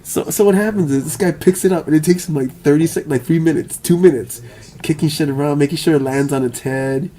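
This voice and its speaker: Stammering, rambling man with a higher voice. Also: fairly quick, dark tone. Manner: stammering, repeats words, profane, laughs often. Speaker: vlogger. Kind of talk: rambling monologue.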